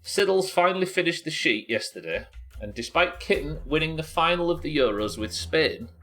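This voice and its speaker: A man's voice: a little high, lively intonation, normal speed, a bit bright. A man, chatting casually as he streams a video game live. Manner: casual, chatty, laughs often. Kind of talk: live gameplay commentary.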